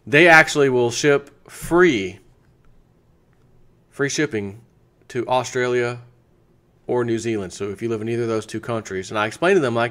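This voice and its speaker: A man's voice: medium pitch, expressive, moderate pace, pauses often, a bit bright. An American man hosting his own channel, casually chatting through a sponsor segment and thinking aloud with restarts. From United States. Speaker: channel host.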